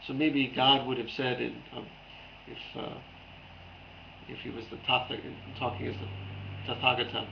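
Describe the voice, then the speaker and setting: A man's voice: medium pitch, little pitch movement, unhurried, creaky, pauses often, lo-fi sound, slight background noise. A man giving a playful dharma talk as a Zen teacher, repeating phrases back and forth.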